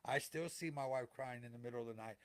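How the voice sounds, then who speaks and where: A man's voice: medium pitch, fast. A middle-aged man talking earnestly to listeners as a podcast co-host, repeating phrases for emphasis in a heartfelt motivational way.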